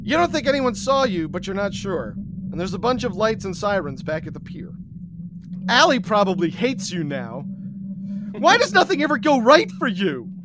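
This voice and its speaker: A man telling a comic second-person story, deadpan and breaking into laughs. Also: sits high. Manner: deadpan, slow, laughing through. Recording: recording with audible hiss.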